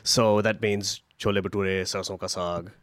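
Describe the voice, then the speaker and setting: A man's voice: lowish voice, flat delivery, normal speed, smooth, no room sound. A man who works as a chef, chatting casually on a podcast, rambling through restarted phrases. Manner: rambling, restarts phrases, says "like" and "you know" often. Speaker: chef creating restaurant menus.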